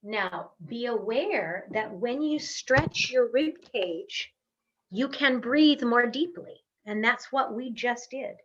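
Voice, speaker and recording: A woman voice coach guides a workshop through a physical and vocal warm-up, speaking slowly with encouraging, drawn-out instructions. Her voice sits fairly high. It comes through a webcam with slightly dull, lo-fi audio. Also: animated. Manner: slow, encouraging instructions with long sung hums. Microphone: webcam on a video call.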